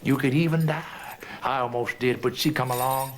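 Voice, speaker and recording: A man performing a rhythmic, rhyming story, swooping between soft and loud in a sing-song way. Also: mid-range voice, fairly even intonation, moderate pace.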